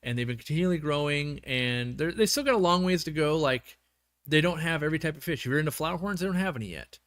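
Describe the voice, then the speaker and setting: A man's voice: fairly high pitch, animated, quick pace, a bit bright, dry recording, clean studio sound. Rambling man hosting a livestream. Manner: rambling, self-correcting, with many restarts. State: losing his voice. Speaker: livestream host. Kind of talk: casual livestream chat.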